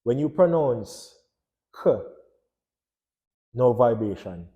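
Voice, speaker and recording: A man's voice: mid-range voice, expressive, slow pace, mellow, dull audio. A man giving a casual lesson on phonology, asking his listeners questions and answering them himself. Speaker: language teacher.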